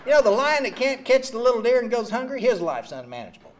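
Older guy telling his recovery story, high voice that swings all over, lots of "you know", laughs at himself. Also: fast, crowd noise, background noise. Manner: animated, self-mocking, heavy on "you know". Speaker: recovery meeting speaker. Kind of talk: personal testimony talk.

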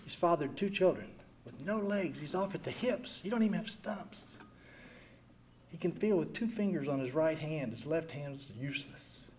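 A man in his sixties giving an earnest personal recovery testimony, swinging from quiet heavy passages to loud wry ones. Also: on the high side, animated, normal speed, a little hiss or hum. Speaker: speaker sharing at a recovery meeting.

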